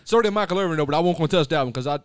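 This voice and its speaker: A man's voice: a little high, animated, very fast, clear, resonant tone. A man hosting a sports talk radio show, blunt and opinionated, leaning on filler phrases as he rants.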